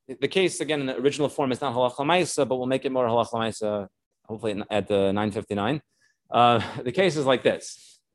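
Man teaching a halacha class. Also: mid-range voice. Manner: explanatory, lively emphasis on key points, frequent restarts; Yeshiva-style English with Hebrew and Yiddish terms. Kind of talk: live halacha class, explaining case law.

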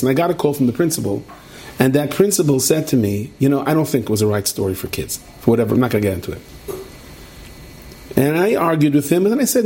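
A man's voice: medium pitch, a little hiss or hum. A middle-aged man, teaching a Torah class and telling stories while asking his listeners questions. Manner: animated storyteller, asks listeners questions.

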